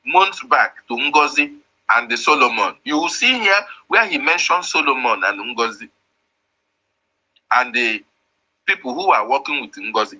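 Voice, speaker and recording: A man's voice: medium pitch, pushed and bright, rough recording. A man hosting a live audio room, explaining insistently and repeating his points. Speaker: host.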